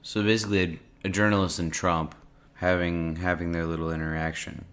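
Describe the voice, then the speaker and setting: Low-voiced rambling podcast host, a man. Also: flat delivery, a little fast. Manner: rambling, many likes and restarts, trails off quietly. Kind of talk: casual podcast chat.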